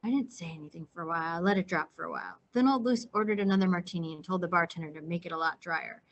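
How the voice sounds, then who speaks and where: A woman teacher reading a novel aloud to her class in steady, plain narration. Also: lowish voice, very fast. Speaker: English teacher.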